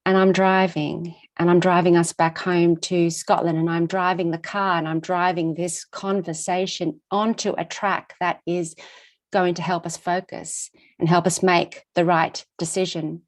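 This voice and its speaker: A middle-aged woman giving a conference talk, telling a personal story in an expressive, rhythmic way with lots of repetition. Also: fairly low pitch, unhurried. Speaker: conference speaker.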